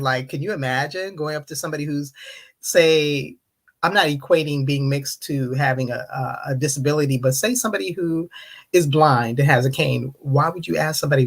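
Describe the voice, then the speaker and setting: A little tipsy from wine, a U.S. livestream host talks casually with viewers in an open panel, welcoming and answering them while acting out stories with lively mimicry, including mocking voices for others' rude questions. Pitch is medium and the pace a little fast.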